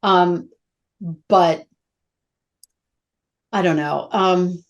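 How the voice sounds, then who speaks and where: A middle-aged actress speaking as a guest in a casual interview, candid and emotional, telling stories with a lot of feeling. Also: female voice, fairly low pitch, very slow, highs cut off. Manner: candid, emotional, animated storytelling.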